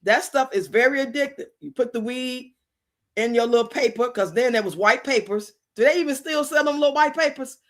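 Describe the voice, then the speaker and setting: On her livestream, a middle-aged woman tells stories in a brisk, high-sitting voice. It's casual chat, and she laughs frequently while mimicking what other people said.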